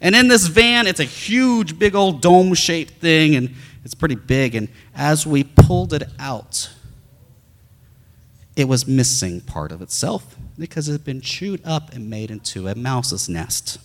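Animated storytelling man, echoey hall. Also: a little high, a little slow. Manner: animated storyteller acting out sounds. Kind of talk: storytelling sermon.

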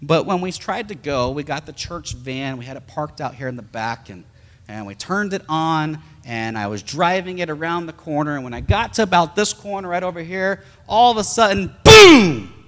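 Male pastor, animated storyteller, fairly high voice, recorded in an echoey hall. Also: moderate pace. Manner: animated storyteller acting out sounds. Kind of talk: storytelling sermon.

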